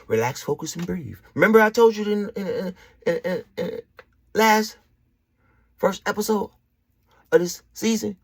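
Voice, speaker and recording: A man's voice: on the high side, a little slow, creaky, slightly rough, no echo. A man hosting a spiritual motivational podcast, preachy and slangy, talking straight to the listener. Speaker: podcast host.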